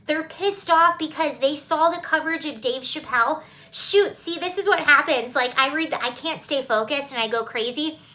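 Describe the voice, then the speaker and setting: Bright, high-voiced Southern woman streamer. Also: normal speed. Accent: Southern American. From Georgia, USA. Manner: chatty, digressive, laughs often. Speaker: livestream host. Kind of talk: casual livestream chat reading comments.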